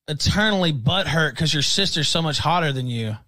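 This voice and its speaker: A man rants in fury, hurling insults in a profane tirade. His voice is bright and tense, pitched a little high. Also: animated, a little fast, low-quality recording. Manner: ranting, furious and profane. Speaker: streamer in played clips. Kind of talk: angry rant.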